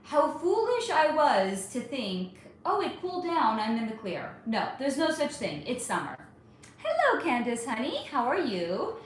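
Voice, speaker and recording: A chatty woman in her thirties from California hosts a casual livestream, greeting viewers as honey and darling. Her fairly high voice swings lively up and down. The room is very echoey, with a faint hum of ambience behind her. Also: measured pace. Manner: warm-toned, calls viewers honey and darling, chatty and animated.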